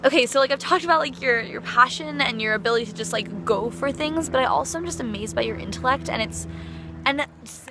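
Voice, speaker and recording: A woman's voice: high voice, fast talker, background noise. A young woman recording a heartfelt, rambling birthday message for a close friend on her phone, full of fillers and effusive praise. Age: young adult. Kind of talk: heartfelt personal video message.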